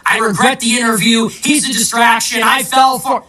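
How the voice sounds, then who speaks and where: Sharp-toned man on a sarcastic political rant, combative, a bit far from the mic. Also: high voice, lively intonation, moderate pace, hardly any pauses. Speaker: political commentator. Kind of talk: ranting monologue.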